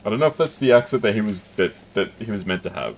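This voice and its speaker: A man's voice: lowish voice, animated, fast talker. A man casually commentating his gameplay on a live stream, chatty and self-deprecating, laughing often.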